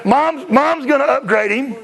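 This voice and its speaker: A man presenting at a seminar in a chatty way, often acting out short scenes. His voice sits high and has a gravelly edge to it. He talks loosely, with restarts and asides to the room. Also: a bit bright. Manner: chatty, acts out kids and parents in quick bits. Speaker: martial arts school owner presenting. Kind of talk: seminar talk to school owners.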